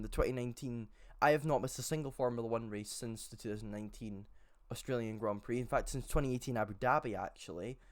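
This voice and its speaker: Teenage guy, casual vlog intro, hesitant, lots of ums, mid-pitched. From Scotland. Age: late teens. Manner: chatty, hesitant, many fillers and restarts. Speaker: channel host.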